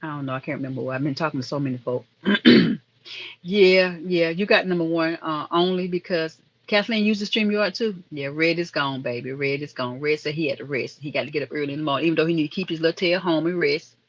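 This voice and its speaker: A woman's voice: sits low, a little fast, highs cut off. A woman hosting a casual live stream, chatting and rambling to viewers in the chat. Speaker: livestream host.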